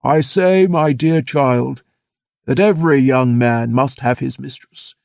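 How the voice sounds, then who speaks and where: A man reading an audiobook, voicing an older father who speaks in a slow, measured, gently authoritative way. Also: mid-range voice, creaky, no echo, clean studio sound.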